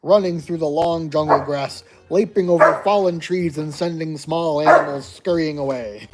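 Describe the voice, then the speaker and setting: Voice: medium pitch, normal speed, loud music behind the voice. A player reading a choose-your-own-adventure gamebook aloud, narrating evenly and making wry asides.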